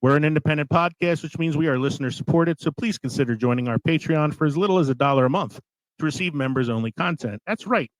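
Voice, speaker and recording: A man's voice: on the high side, fast, no room sound, poor audio. A man hosting a casual podcast, laid-back and swearing freely, recorded in a small studio. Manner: laid-back, swearing, laughing between lines. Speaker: podcast host.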